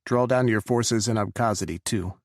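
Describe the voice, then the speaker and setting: A man voicing a guarded American president who speaks in a firm, measured way. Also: lowish voice, no room sound, clean studio sound, close to an everyday voice.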